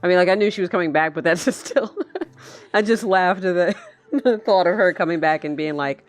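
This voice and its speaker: A woman's voice: fairly low pitch, fairly quick, faint music behind. A woman giving casual live commentary while watching a film from her chair, chatty and sarcastic, swearing and laughing a lot. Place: indoors, seated in a chair.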